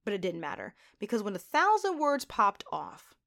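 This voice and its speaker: A woman's voice: mid-range voice, wildly swooping pitch, normal speed, creaky, fairly bright tone. A woman hosting a solo podcast, talking in a gushing, emotional way with big swings in her voice. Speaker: podcast host.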